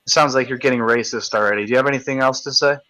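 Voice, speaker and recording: A man's voice: mid-range voice, fairly even intonation, very fast, sharp tone, no echo, low-quality recording. A man hosting a live video chat, ranting in a combative, profane, taunting way. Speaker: livestream host.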